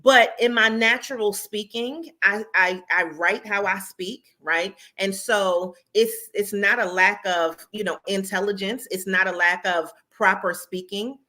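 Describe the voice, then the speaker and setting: A woman from New York hosts a podcast interview, speaking with a New York accent in a casual, slangy, sarcastic way and telling stories animatedly. Her mid-range voice moves at a measured pace with few pauses.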